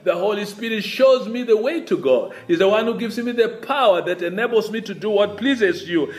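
High-voiced older man preaching emphatically. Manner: emphatic, repetitive pleading preacher cadence. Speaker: bishop preaching. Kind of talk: sermon.

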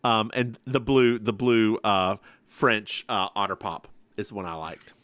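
Sassy, animated male podcast storyteller. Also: fairly low pitch, a little slow, no room sound. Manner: animated, acts out quotes, sassy. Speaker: podcast co-host. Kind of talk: casual chat, storytelling.

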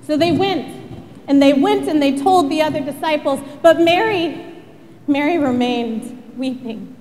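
A woman pastor delivering a sermon in a church, telling the story dramatically and sinking to a hushed prayer. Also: high voice, measured pace, in a large hall. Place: church sanctuary.

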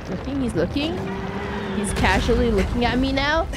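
A woman streamer talking casually over gameplay, often laughing and yelling at the game. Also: on the high side, animated, normal speed, music in the background.

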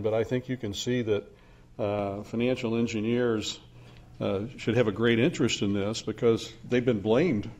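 A man's voice: medium pitch, darkish tone. Older man lecturing with many fillers. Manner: hesitant, many fillers and restarts; dry self-deprecating humor. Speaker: conference speaker. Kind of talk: academic lecture.

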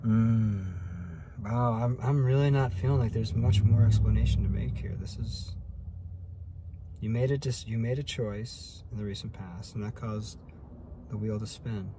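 A man's voice: fairly low pitch, unhurried, background noise. A man giving a casual daily tarot reading, thinking aloud and asking spirit about each card. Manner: relaxed, musing, talks to spirit while drawing cards. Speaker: tarot reader.

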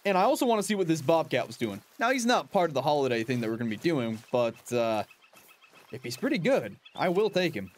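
A man's voice: fairly high pitch, big pitch swings, fairly quick, slight background noise. A young man giving casual, chatty commentary while playing a hunting game, laughing often and talking to his in-game dog. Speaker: gaming channel host.

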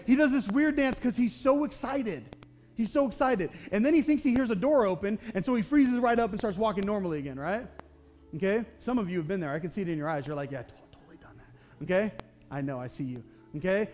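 A young man delivers a sermon in a church with a high-pitched voice. He talks in a conversational, self-deprecating way, often checking in with the congregation. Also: a little mellow. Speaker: pastor. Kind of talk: sermon with personal storytelling. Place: church sanctuary.

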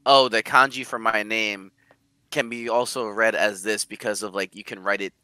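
A man's voice: lowish voice, steady tone, normal speed, pushed and bright, clear, resonant tone, dry recording. A man co-hosting an anime podcast, explaining names and background details in a casual way. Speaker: podcast co-host. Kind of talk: casual chat about anime.

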